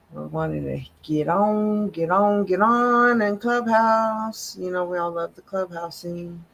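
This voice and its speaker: A woman hosting a casual live stream as an alternative health specialist, animated and slangy, with frequent exclamations. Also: on the low side, vocal fry, a little hiss or hum.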